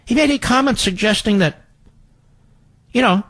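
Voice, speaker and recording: A man's voice: sits high, moderate pace, fairly bright tone, no echo. A man hosting political talk radio, combative and sarcastic, often mocking his opponents in quoted voices.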